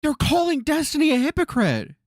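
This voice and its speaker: A man's voice: very high voice, wildly swooping pitch, brisk, dry recording, studio quality. A man streaming live, reacting to a video with incredulous, exasperated commentary full of swearing.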